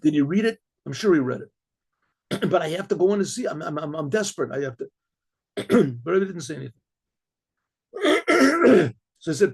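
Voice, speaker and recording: A middle-aged rabbi telling a story aloud, with frequent throat clearing and many repeated, restarted words. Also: male voice, fairly high pitch, lively intonation, normal speed, long pauses, darkish tone. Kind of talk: spoken story narration.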